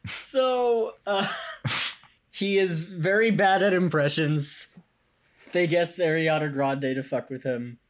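Slow, wry podcast co-host. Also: mid-range voice. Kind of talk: casual chat recapping a show.

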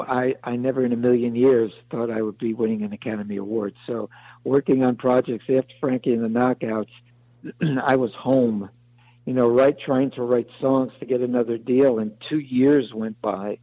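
A man's voice: mid-range voice, steady tone, normal speed, no echo, narrow, tinny audio. A man being interviewed as a songwriter, telling long rambling anecdotes and acting out the other people in them. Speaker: songwriter guest. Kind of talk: interview storytelling.

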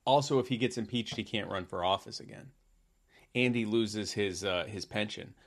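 A man with a low-pitched voice co-hosts a casual comedy podcast. He rambles, fills his talk with "like" and "uh," and leans hard into sarcasm. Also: normal speed, creaky. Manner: rambling, sarcastic, with filler words. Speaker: podcast co-host. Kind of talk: casual political comedy chat.

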